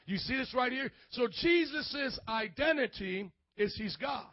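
A man in his thirties, raised in an Italian family, preaches a sermon as a pastor in an extremely high-pitched, expressive, unhurried voice. He uses call-and-response, asking the congregation for amens and acting out the voices he quotes. The audio is dull but has no echo.

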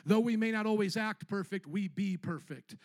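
Preacher guy, really high voice, dry close sound, goes from chatty to hollering. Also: moderate pace, dry recording. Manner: animated preaching, acting out church members in put-on voices, shouting at peaks. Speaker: pastor. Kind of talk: sermon. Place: church.

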